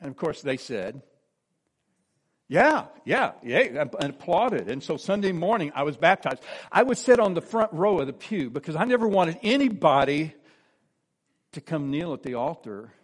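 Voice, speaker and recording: An older man in his sixties shares his personal testimony from the pulpit. His voice sits a little high for a man, and he tells the story earnestly. He sinks soft and low whenever he repeats what others said. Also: sing-song, normal speed, slightly rough.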